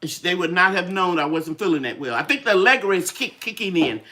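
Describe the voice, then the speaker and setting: On her casual garden live stream, an older woman talks briskly in a low, animated voice that sounds pushed and bright. She's a chatty storyteller who acts out quoted voices, though a bit tired and dealing with draining sinuses.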